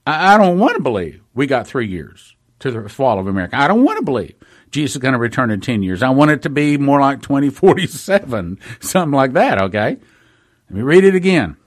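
A man giving an informal Bible-prophecy broadcast. He talks earnestly, repeats words for emphasis, asks rhetorical questions and reads scripture slowly and deliberately. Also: mid-range voice, big pitch swings, no echo, studio quality.

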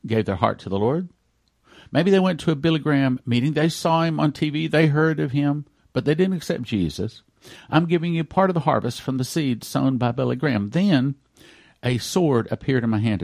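A male pastor preaching a radio sermon in an earnest way, moving between loud emphatic lines and hushed, almost whispered ones. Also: mid-range voice, gravelly, no room sound, studio quality.

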